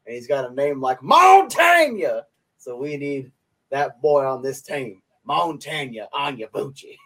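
A young man co-hosting a podcast speaks in a medium-pitched, sing-song voice that is bright and forceful, and a little slow. In easygoing chat, he jokes around playfully and laughs a lot.

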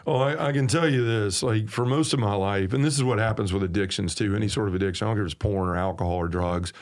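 Speaking as a podcast guest, a man with a Southern accent earnestly shares his personal faith testimony in conversation, emphasizing and repeating key phrases. His voice sits on the low side and moves at a quick pace.

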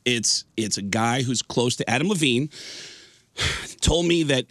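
A man telling a long anecdote on a radio show, animated, slipping into other voices as he goes. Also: medium pitch, a little slow, no room sound, studio quality. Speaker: guest storyteller. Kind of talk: casual radio show chat.

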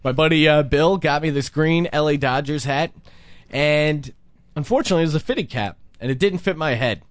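High-voiced man telling stories, dry sound. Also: normal speed, dry recording. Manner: animated, acts out people he quotes. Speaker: podcast host. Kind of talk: casual storytelling chat.

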